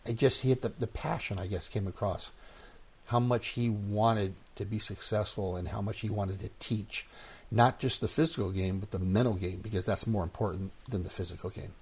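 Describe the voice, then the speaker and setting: Older man in his sixties, low husky voice, lively interview guest who acts out quotes. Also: normal speed. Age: 60s. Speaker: guest, former baseball player. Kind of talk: casual storytelling interview.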